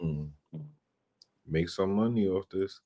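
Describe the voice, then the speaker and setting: Male host, very low voice, relaxed and slangy, casual late-night chat. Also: slow. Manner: laid-back, musing, slangy. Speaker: show host.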